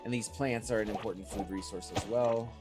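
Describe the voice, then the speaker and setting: A man's voice: on the low side, fairly even intonation, fairly quick. A man streamer giving casual, rambling gameplay commentary and answering his chat, still congested from a lingering cold. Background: game music.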